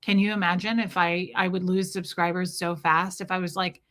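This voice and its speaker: Bright, animated woman streamer. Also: lowish voice, moderate pace. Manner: animated, chatty, greets chatters by name. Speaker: host, livestreamer. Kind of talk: livestream chat commentary.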